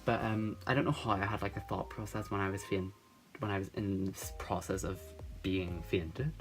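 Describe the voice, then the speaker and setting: A man's voice: on the low side, steady tone, moderate pace, faint music behind. A teenage boy telling a rambling storytime, laughing often and saying "like" a lot. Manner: giggly, rambling, lots of "like". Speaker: vlogger. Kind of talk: casual storytime chat.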